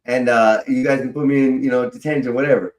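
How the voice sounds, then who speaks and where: A man's voice: mid-range voice, fairly even intonation, fast talker, darkish tone. A man telling a long personal story in a casual way, swearing freely and laughing as he goes. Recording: roomy echo.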